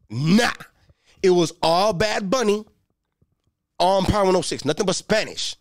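Young male stand-up: high, wildly swinging voice, profane street banter, dry close sound. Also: measured pace, no echo. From Los Angeles. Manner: animated, profane, streetwise banter with shouted bursts. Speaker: stand-up comedian. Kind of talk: stand-up routine.

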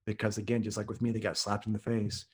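Low, even-toned storytelling man from Oklahoma. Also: fast, slightly rough. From Oklahoma, US Midwest. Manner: earnest, vivid storyteller. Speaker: podcast guest, author and speaker. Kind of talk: storytelling in conversation.

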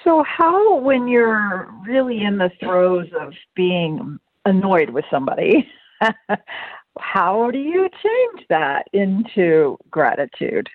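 A woman hosts with slow, thoughtful questions. The sound is dry and close, squeezed into a thin phone-like band. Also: medium pitch, big pitch swings, no room sound. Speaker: host. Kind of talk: casual conversational interview.

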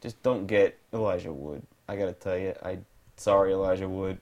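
A man's voice: low voice, fairly even intonation, a little fast, a little mellow. A man hosting a podcast, reading entertainment news in a joking, rambling way and correcting himself as he goes. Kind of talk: casual news chat.

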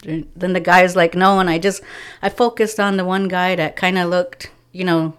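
A woman with a low, smooth and resonant voice tells a story in relaxed podcast talk. She is animated, slips into the voices of the people she quotes, and laughs now and then. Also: normal speed. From from a First Nations reserve community. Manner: animated storyteller acting out dialogue, laughing often. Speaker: guest, community outreach organizer.

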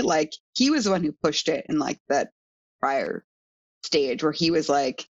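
A woman's voice: low voice, a little fast, no echo. A young woman telling a story in casual chat, full of "like" fillers. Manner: chatty, frequent "like" fillers. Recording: dull, dry sound.

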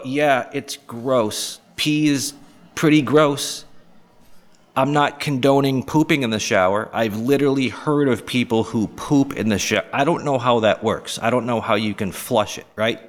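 A man from the area hosting a podcast, rambling through crude, jokey topics with quick mocking voices. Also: mid-range voice. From Boston area, US. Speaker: podcast host. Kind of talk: casual monologue.

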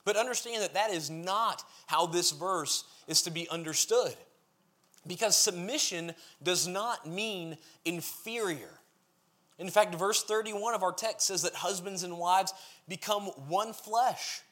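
A man's voice: high-pitched, unhurried, bright, forceful tone. A man preaching a sermon, reading scripture aloud and then explaining it in an earnest, emphatic way, building his points as lists.

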